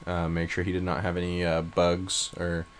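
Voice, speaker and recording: A man co-hosting a casual comedy podcast, telling absurd crude stories in a deadpan way. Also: sits low, moderate pace. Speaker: podcast co-host.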